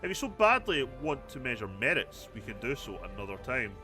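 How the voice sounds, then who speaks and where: A man's voice: medium pitch, big pitch swings, a little fast, music in the background, close to an everyday voice. A man voicing a smug, arrogant male baron in a game, reading his lines with a haughty, offhand tone.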